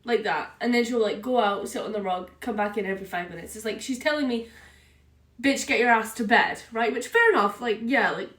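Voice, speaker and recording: A young woman telling a story in a casual vlog, chatty and animated, with lots of "like" and "right?". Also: on the high side, brisk. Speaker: vlogger. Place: room at home. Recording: echoey room, a bit far from the mic.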